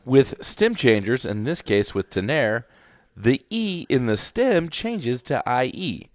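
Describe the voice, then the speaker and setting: A man's voice: mid-range voice, sing-song, slow pace, no echo. A man teaching a grammar lesson slide by slide, speaking instructively and repeating directions to students. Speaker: Spanish teacher.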